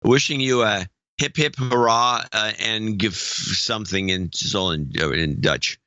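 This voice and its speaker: Forceful low-voiced man, dull dry sound. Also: unhurried, no room sound. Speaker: podcast co-host. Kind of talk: casual chat, reading listener notes.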